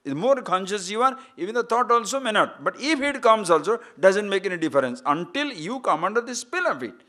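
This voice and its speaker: Animated Indian-accented man teaching scripture. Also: high-pitched, fairly quick. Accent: Indian English. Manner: animated, swings between loud emphasis and quiet asides, laughs at his own jokes. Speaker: spiritual teacher. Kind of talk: lecture on scripture.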